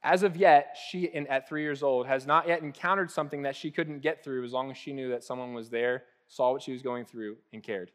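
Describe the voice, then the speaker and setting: A man in his thirties, a pastor giving a relaxed, conversational sermon that swings between lively acted-out asides and soft, hushed moments. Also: medium pitch, brisk, hardly any pauses. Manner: casual and animated, acting out little voices, with laughs and soft hushed asides.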